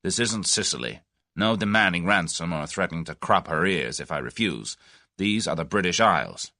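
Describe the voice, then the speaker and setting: A man's voice: deep voice, expressive, moderate pace, dry recording, clean studio sound, exaggerated voice. A man voicing a blunt, pugnacious American man in his thirties, with an American accent, in an audiobook. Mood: gruff. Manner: blunt, forceful, folksy.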